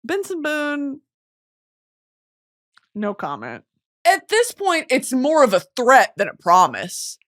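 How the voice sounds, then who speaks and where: A young American woman hosting a podcast, talking in a casual comic monologue, swearing and breaking into yells and laughter. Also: high-pitched, slow pace, long pauses. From United States. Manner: animated, swearing, bursts of yelling and laughter. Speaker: podcast host.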